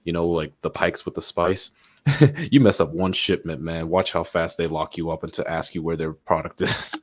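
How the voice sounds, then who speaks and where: A man's voice: low-pitched, moderate pace. A man co-hosting a gaming podcast, talking in a loose, rambling way and laughing often. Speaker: podcast co-host. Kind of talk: casual gaming chat.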